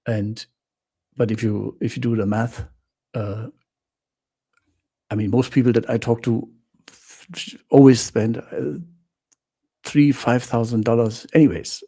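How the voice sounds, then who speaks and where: Slow, gravelly-voiced man hosting live chat. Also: medium pitch, fairly even intonation, dark tone. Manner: chatty, greets viewers by name, laughs often, simple non-native English grammar. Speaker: travel channel host.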